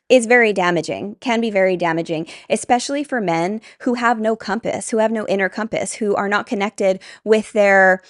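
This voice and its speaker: A woman's voice: medium pitch, no echo, studio quality. A woman giving candid commentary to her viewers, earnest and conversational, with frequent fillers and bursts of laughter. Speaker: vlogger.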